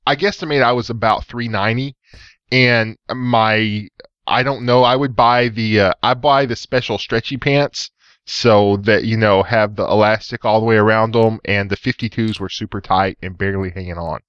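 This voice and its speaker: A man's voice: fairly low pitch, fairly even intonation, normal speed, fairly bright tone, clean tone, no echo. A man in casual chat, self-deprecating. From East Texas. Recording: dull lo-fi call audio.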